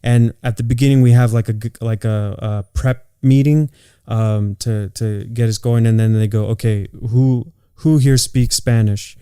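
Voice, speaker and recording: A man's voice: lowish voice, fairly even intonation, normal speed, dark tone, clean tone, no echo, clean studio sound. A man from California, co-hosting a podcast and telling work stories in a loose, profane way with lots of "like" fillers. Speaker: podcast co-host. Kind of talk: casual chat.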